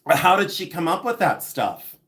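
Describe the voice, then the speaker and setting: A man's voice: a little high, sing-song, normal speed, pushed and bright. A man in his fifties from Ohio, hosting a rambling, chatty livestream and talking with viewers. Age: 50s. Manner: chatty and rambling, laughs often. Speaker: livestream host selling vintage jewelry. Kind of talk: casual live chat with viewers.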